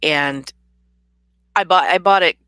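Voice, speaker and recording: A woman's voice: sits low, slow pace, bright, forceful tone, clean tone, no echo. A tired woman chatting casually to her camera in a rambling, laughing way. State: tired, yawning. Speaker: vlogger and author. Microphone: camera mic.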